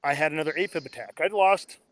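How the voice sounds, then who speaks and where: A man in his thirties, a podcast guest, telling his story in a blunt, excitable way and cursing freely. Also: a little high, fast talker, dry recording. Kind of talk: casual interview storytelling.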